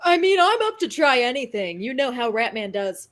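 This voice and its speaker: A woman's voice: fairly high pitch, big pitch swings, normal speed, a bit bright. A woman playing in a tabletop game, speaking in an easygoing, playful way. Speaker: player.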